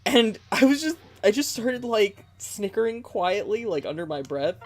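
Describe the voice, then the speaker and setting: A streamer chats casually with the live audience, telling a long, rambling story full of fillers and little laughs. The voice sits at a middle pitch, and faint game music plays underneath. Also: big pitch swings, moderate pace. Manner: rambling and giggly, with many fillers.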